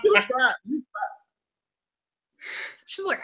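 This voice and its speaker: A man's voice: very high voice, sing-song, unhurried, pauses often. A man co-hosting a live talk show, telling a profane comedic story and acting out the quotes in his own voice. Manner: loud, profane, acts out quotes in shifting voices. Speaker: radio show co-host.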